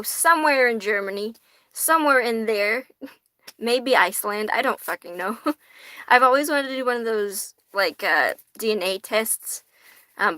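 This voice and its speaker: A woman's voice: medium pitch, sharp tone, no room sound. A young woman from the US hosting a casual livestream, chatting with viewers, swearing freely and laughing often. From United States. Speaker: tarot livestream host. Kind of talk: casual livestream chat reading viewer comments.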